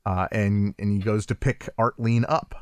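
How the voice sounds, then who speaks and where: A man co-hosting a podcast in casual chat, animated and laughing often, with many restarts. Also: on the low side, normal speed, clean tone, dry recording. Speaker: podcast co-host.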